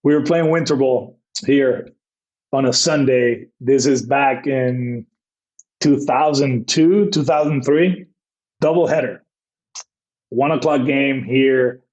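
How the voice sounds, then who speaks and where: Rambling, animated male baseball manager. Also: medium pitch, highs cut off. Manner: rambling anecdotes with many fillers and acted-out quotes. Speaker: baseball manager, podcast guest. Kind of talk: casual storytelling interview.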